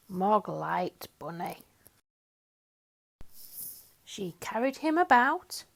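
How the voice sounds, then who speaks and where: A woman's voice: medium pitch, unhurried, long pauses. Woman reading a picture book aloud. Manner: expressive, sing-song storytelling. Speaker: storyteller.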